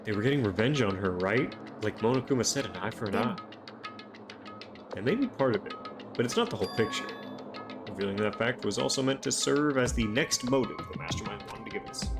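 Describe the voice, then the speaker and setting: Brief: male streamer voicing all the game dialogue himself, mid-pitched, game music up under him, swears freely. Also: a little fast. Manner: reads every character's lines himself, then breaks into loose swearing chat. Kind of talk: reading game dialogue aloud while streaming.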